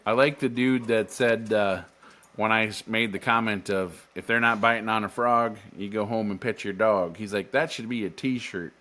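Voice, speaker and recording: A man's voice: on the low side, fairly even intonation, normal speed, sharp tone. A young man co-hosting a podcast in casual chat, jokey and self-mocking, with playful gasps. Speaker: podcast co-host.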